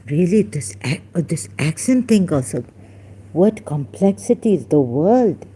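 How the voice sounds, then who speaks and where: A woman's voice: fairly low pitch, big pitch swings, a little slow, dark tone, slightly rough. A woman, rambling through a personal story in a meandering, self-interrupting way and mimicking how people pronounce words. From Pakistan. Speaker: vlogger.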